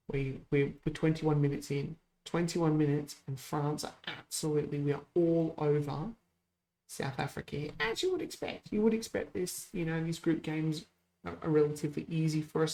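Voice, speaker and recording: A man hosting a gaming channel, chatting casually through a football management game, rambling, correcting himself and getting excited over goals. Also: a little high, creaky. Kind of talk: casual let's-play commentary.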